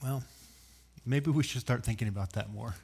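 A man preaching a sermon, telling the story with animated acted-out voices, loud sudden bursts and dry joking asides. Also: medium pitch, normal speed, gravelly, slightly rough. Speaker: pastor.

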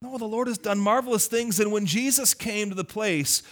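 A male pastor preaching a lively, conversational sermon, teasing his congregation. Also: sits high, normal speed.

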